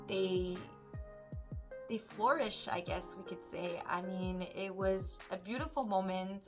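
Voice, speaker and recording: A woman, a mother, casually telling a story to camera and animatedly acting out what others said. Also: mid-range voice. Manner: animated, acts out quoted voices. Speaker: mother vlogger.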